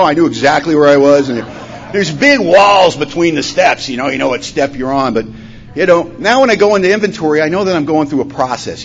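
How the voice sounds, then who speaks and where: A recovery meeting speaker from Washington state tells his story in a conference hall, his voice on the high side. Playing out the conversations, he goes loud at times and falls to a hush at others. It was captured as a dull, lo-fi recording with a faint hum.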